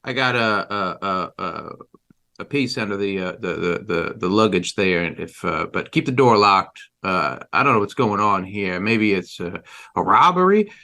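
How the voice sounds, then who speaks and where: A worried father on a train talks in halting, stammering bursts, as a man plays him. His voice is bright and forceful even when he trips over his words. It is a tabletop game scene. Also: fairly low pitch, pitched below the performer's own voice. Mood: tense.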